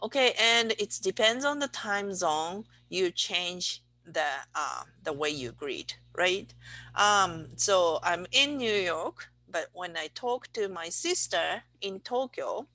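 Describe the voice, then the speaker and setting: Patient Japanese-accented woman teaching slowly. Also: fairly low pitch, lively intonation, sharp tone, dry recording, rough recording. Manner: patient, repeats words slowly, asks "okay?" often. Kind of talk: online language lesson.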